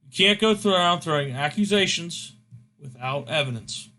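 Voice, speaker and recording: A man's voice: on the high side, lively intonation, moderate pace, pushed and bright. A man doing a lecturing wrestling boss. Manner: lecturing, condescending. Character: smooth-talking male wrestling executive, calm and lecturing.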